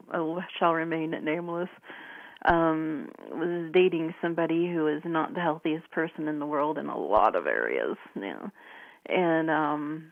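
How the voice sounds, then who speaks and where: A chatty woman co-hosting a radio show, her voice low and a little gravelly. She comes through a tinny phone line, dry and close. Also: no echo. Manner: chatty storyteller, lively quoting voices. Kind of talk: casual radio chat.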